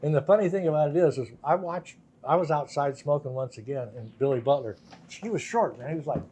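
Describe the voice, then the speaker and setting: An older man, a guitarist, telling anecdotes in a relaxed interview, laughing often and acting out the voices of the people in his stories. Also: fairly high pitch, a little fast, husky. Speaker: guest guitarist. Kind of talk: casual storytelling interview.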